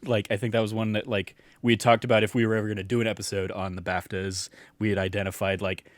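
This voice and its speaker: Rambling young man, low voice. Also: little pitch movement, quick pace, no room sound. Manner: rambling, many fillers and restarts. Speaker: podcast co-host. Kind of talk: casual chat.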